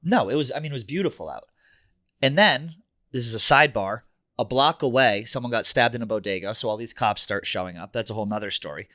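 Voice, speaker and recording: A man, a podcast co-host telling an animated, profane story in casual chat and acting out quotes. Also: mid-range voice, fast, dry recording, studio quality.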